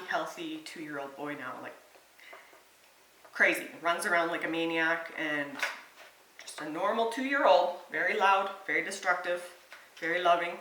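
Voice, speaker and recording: A woman's voice: fairly low pitch, sharp tone, reverberant, distant mic, slight background noise, poor audio. A woman in her thirties, a home cook and mother, talking through her cooking in a chatty, earnest vlog with lots of fillers. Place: home kitchen and backyard grill.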